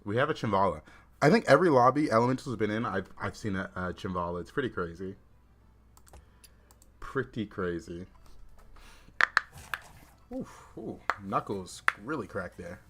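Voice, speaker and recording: A man's voice: fairly low pitch, animated, normal speed, pauses often, background noise. A young man casually chatting with his chat while playing and commenting on a card game. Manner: laid-back, chatty, reads and answers chat while playing. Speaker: streamer.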